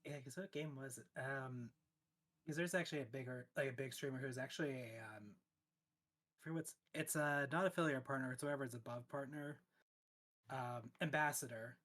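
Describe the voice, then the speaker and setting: A man in an easygoing chat about streaming, his voice sitting at an ordinary middle pitch. He rambles and restarts a lot, scattering fillers and laughing often. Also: brisk, a bit bright. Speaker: streamer guest. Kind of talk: casual chat.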